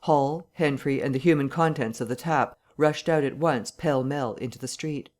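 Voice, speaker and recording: A man narrating a classic novel audiobook in a measured, even reading. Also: medium pitch.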